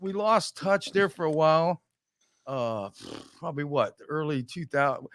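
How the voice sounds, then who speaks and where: A man's voice: fairly high pitch, normal speed, a little hiss or hum. A middle-aged man, hosting a talk show and acting out stories with quoted voices and laughs. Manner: animated storyteller acting out quotes, laughs often. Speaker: podcast host. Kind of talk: casual chat, storytelling.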